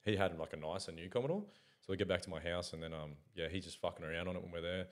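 A man's voice: sits low, rapid-fire. A young Australian man co-hosting a podcast, telling stories in a casual chat, swearing and laughing often. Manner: swears a lot, laughs often, acts out mates' voices in stories. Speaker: podcast co-host.

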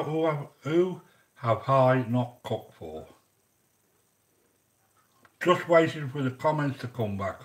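A man chatting casually while hosting a cooking vlog, rambling and joking and greeting viewers by name. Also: mid-range voice. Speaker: cooking channel host.

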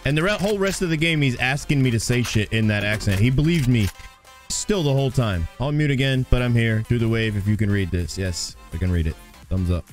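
This streamer speaks a little fast in an expressive, mid-range voice, chatting casually with viewers and laughing a lot during a shooter game. Game music, game sounds, and gunfire play in the background.

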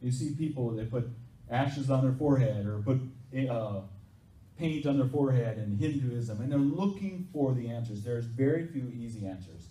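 A man's voice: mid-range voice, lively intonation, normal speed, warm tone. A male pastor preaching a sermon in a conversational way, putting questions to the congregation. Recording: echoey hall, distant mic, faint noise.

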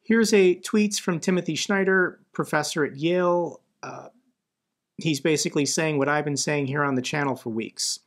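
Man, American accent, channel host, political commentary, blunt, indignant, somewhat high pitch. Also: normal speed. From United States.

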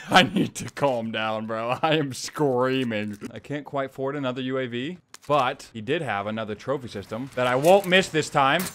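A young man giving casual, profane commentary over his own gameplay, swinging from muttering to yelling. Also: medium pitch, moderate pace, noisy background. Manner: profane, excitable, frequent yelling. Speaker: gaming YouTuber.

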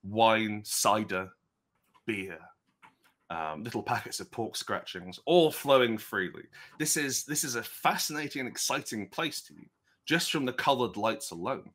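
A man's voice: lowish voice, expressive, unhurried, fairly bright tone. A man narrating as game master of a tabletop game, rambling and chatty with many restarts.

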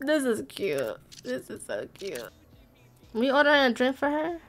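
Chatty high-voiced young woman gamer. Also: a little slow, faint music behind. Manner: chatty, addresses viewers as y'all, excited squeals. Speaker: gaming YouTuber. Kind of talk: casual let's-play commentary.

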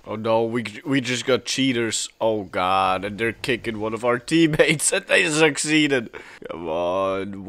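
A young man giving casual, excitable commentary while playing a game, laughing often and calling out to the other players. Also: medium pitch, vocal fry. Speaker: gameplay commentator.

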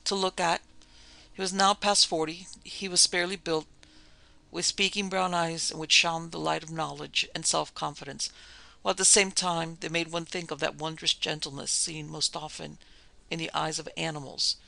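Gravelly, bright male storyteller. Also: fairly high pitch, flat delivery. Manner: measured, formal storytelling. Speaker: narrator and producer. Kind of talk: classic ghost story reading.

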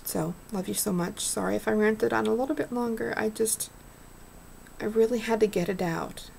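A woman's voice: on the high side, normal speed, creaky, a little mellow, slight background noise. A middle-aged woman vlogging in an earnest, rambling, preachy way. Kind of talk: casual heartfelt vlog rant.

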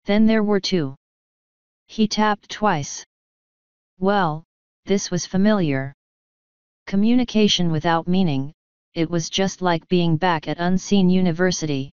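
Clear, low-voiced woman narrating an audiobook. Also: unhurried, pauses often, darkish tone, no room sound, lo-fi sound. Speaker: audiobook reader.

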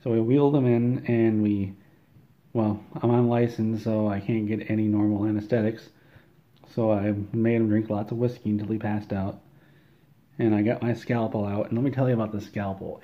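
A man delivers an absurd comedic monologue, deadpan and rambling, and often trips over repeated words. His voice sits fairly low. The recording is dull and lo-fi. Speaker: comedic storyteller.

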